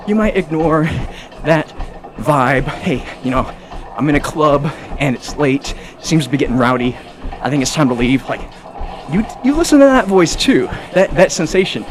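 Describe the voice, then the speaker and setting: A man ranting casually and a bit preachily while gaming on a treadmill. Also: mid-range voice. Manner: talkative, preachy, rambling; exercising on a treadmill while talking. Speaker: gaming streamer. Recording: music clearly behind.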